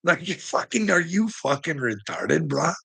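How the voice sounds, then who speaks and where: A man's voice: fairly high pitch, sing-song, a little slow, creaky, a bit bright, slightly rough. A man ranting on a casual livestream, profane and rambling, breaking into laughter often.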